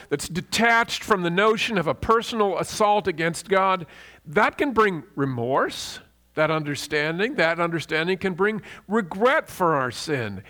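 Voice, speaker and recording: A man preaching a sermon in an earnest, emphatic teaching manner, slowing down to stress repeated words. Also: sits high, bright, forceful tone.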